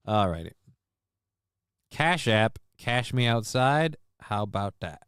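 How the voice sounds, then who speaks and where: A man's voice: on the low side, a little slow, pauses often, a bit bright, clean tone, no echo, studio quality. A man hosting a casual livestream, rambling, cursing and making sarcastic asides while reading chat messages. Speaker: livestream host.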